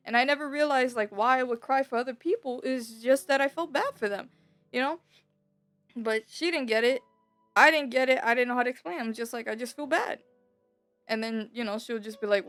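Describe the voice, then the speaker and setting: A woman's voice: on the high side, a little fast, dry recording. A young adult woman telling a personal story in a casual, rambling way, full of slang and filler words. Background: soft background music.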